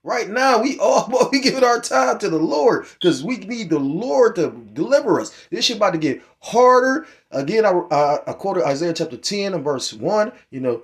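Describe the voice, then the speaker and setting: A man's voice: high-pitched, animated, normal speed, hardly any pauses. A middle-aged man giving rambling, profane commentary on scripture and current events, heated and full of restarts. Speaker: religious commentator.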